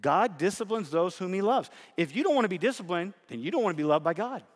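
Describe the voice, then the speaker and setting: A man's voice: high voice, expressive, fast talker. A man preaching a sermon, talking conversationally and building to emphatic repeated lines. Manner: conversational preaching, shifts between soft asides and emphatic repetition. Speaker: pastor. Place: church sanctuary. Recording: reverberant hall.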